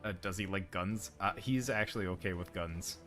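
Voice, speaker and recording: Male streamer, deep and bright-toned, loose rambling chatter with faint music behind. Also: moderate pace. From United States. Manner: rambling, joking to chat. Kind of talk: casual gameplay chat.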